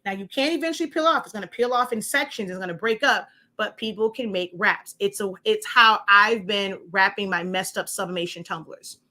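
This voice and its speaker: Bright-voiced woman giving a chatty craft tutorial. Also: mid-range voice, fairly quick, hardly any pauses. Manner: chatty, rambling, with many fillers and asides. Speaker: crafting instructor. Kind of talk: casual show-and-tell tutorial.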